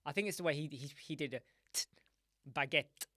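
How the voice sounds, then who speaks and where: A man's voice: fairly high pitch, fast talker, fairly bright tone, dry recording, studio quality. A man hosting a live web design stream, joking and rambling playfully to his chat viewers.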